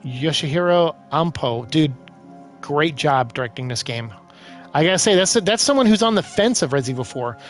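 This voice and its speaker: A man giving casual let's-play commentary, exclaiming loudly as he plays. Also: fairly high pitch, normal speed, faint music behind. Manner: excitable, loud bursts of exclaiming while playing. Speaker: gaming streamer.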